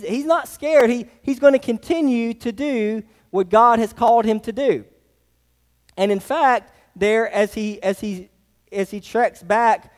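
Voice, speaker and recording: High-voiced pastor preaching. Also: male voice. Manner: emphatic, repeats phrases, asks the congregation rhetorical questions. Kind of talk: sermon. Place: church sanctuary. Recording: long reverb of a church hall.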